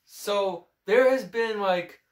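A man's voice: sits high, slow pace. A young man chatting casually about video games as a co-host, eager and a little hesitant. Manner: eager, hesitant, full of fillers. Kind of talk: casual gaming chat. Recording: echoey room.

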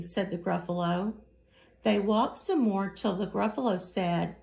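A woman reading a children's picture book aloud in a slow, expressive storytelling manner. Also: mid-range voice, gravelly. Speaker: story reader.

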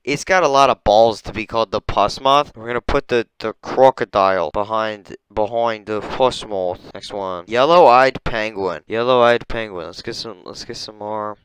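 A young man reacts to things on his screen in his bedroom, excitable and profane. His voice is smooth and resonant at a middle pitch, dropping to mumbles and then jumping up in loud disbelief. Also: no room sound. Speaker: streamer ranking animals. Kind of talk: casual reaction commentary.

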